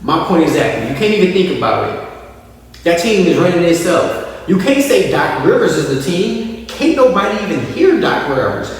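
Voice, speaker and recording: Male podcast host, high lively voice, slow delivery, mocking sports banter, roomy echo, off-mic. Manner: animated, mocking impressions of players and coaches. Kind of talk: casual sports commentary. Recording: echoey room, voice from a distance.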